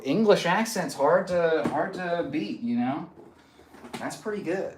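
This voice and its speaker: A man's voice: fairly high pitch, expressive, a little slow, reverberant. A man hosting a casual livestream and reading out viewer comments, easygoing and often trailing off into a murmur. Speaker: livestream host. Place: home room on a stretching livestream.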